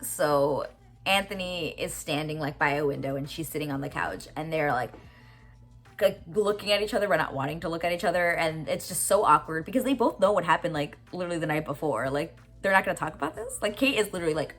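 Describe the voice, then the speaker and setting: A young woman with a low, deep-set voice rattles through a TV episode recap, swearing freely and gushing. Faint music plays underneath her chatty, animated commentary. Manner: animated, profane, gushing, quick asides. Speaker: reaction video host.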